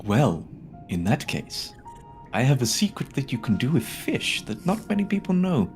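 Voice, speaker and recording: Tentative man with a lively voice. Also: mid-range voice, moderate pace, soft background music. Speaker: player. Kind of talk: casual tabletop role-play.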